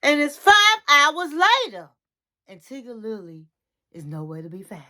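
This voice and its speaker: A woman's voice: high-pitched, wildly swooping pitch, measured pace, pushed and bright. A woman hosting a casual reality TV recap, chatty and sassy, talking straight to the listener.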